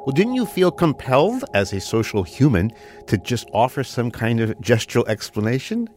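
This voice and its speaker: Lively male co-host asking wry questions. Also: medium pitch, moderate pace. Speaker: radio co-host. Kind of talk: public radio conversation.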